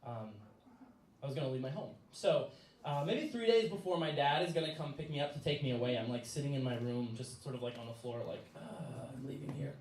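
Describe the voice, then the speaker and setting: A man's voice: medium pitch, brisk, darkish tone, slight background noise. A young man telling a personal story live on stage, casual and laughing, with many fillers. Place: stage in a small venue. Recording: echoey room from far off.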